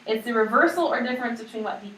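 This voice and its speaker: A woman lectures her class in a casual, chatty way, her voice sitting a little high. She is recorded from across an echoey classroom. A steady noise runs beneath her voice. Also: racing. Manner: casual, chatty explaining with many "like"s. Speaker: teacher. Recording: echoey room, distant mic, noisy.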